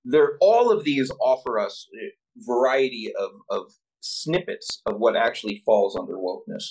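A man co-hosting a casual podcast discussion, talking in a measured, analytical way and searching for his words. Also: medium pitch, lively intonation, a little mellow, rough recording. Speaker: podcast co-host.

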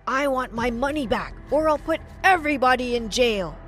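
A furious male pawn shop owner hurls loud accusations in a storybook reading, voiced by a woman narrator. The voice stays high and pushed loud. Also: lively intonation, normal speed, soft background music. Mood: accusing.

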